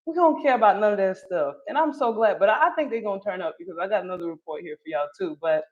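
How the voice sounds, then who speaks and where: A woman's voice: mid-range voice, lively intonation, quick pace, darkish tone. A woman from North Carolina with a Southern accent, giving casual live-stream commentary in a chatty way, laughing often and correcting herself mid-thought. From Charlotte, North Carolina. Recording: slightly dull lo-fi audio.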